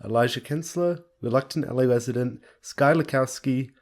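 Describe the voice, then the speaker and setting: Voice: medium pitch, normal speed, darkish tone. Matter-of-fact podcast co-host reading names. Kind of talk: casual chat, reading out patron names.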